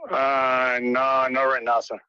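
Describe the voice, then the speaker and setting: A man's voice: medium pitch, completely flat delivery, slow, sharp tone, clear, resonant tone, no echo. Terse man answering a phone call. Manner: terse, short replies. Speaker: property owner on a phone call. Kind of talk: phone conversation. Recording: dull phone line.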